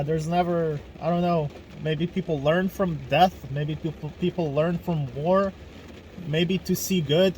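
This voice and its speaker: A man's voice: on the high side, a little mellow, a little hiss or hum. A young man from Ukraine hosting a casual video podcast, ranting angrily with lots of swearing and fillers. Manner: angry, profane ranting with fillers. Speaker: podcast host.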